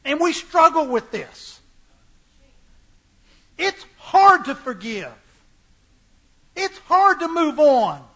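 Preaching in a very high, bright voice, a man drives his sermon home through emphatic repetition, circling back to the same phrases again and again. He is very animated but slow, pausing often.

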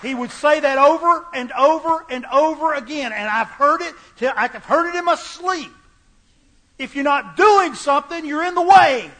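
A man preaches a sermon with a very high, bright voice. He builds his points through emphatic repetition, returning to the same phrases again and again. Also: moderate pace.

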